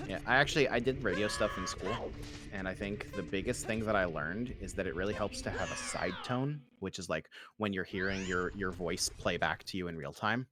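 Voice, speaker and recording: A young adult man with a deep voice and a light radio quality talks fast and uses "like" as a filler over and over. He's a podcast co-host appearing as a guest streamer, chatting casually on a stream while music plays in the background.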